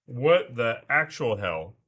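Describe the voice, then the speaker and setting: A man chatting on his livestream, with a bright, forward tone. He talks slowly, muttering to himself and cursing now and then, and his pitch rises and falls a lot. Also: very animated, slightly rough. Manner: muttering to himself, swearing, trying out pronunciations. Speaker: livestream host. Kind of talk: casual livestream chat while building.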